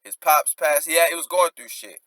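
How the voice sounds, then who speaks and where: A man's voice: on the high side, normal speed, sharp tone, dry recording. A man casually breaking down rap lyrics, rereading lines and unpacking them in loose slang. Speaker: rap commentator.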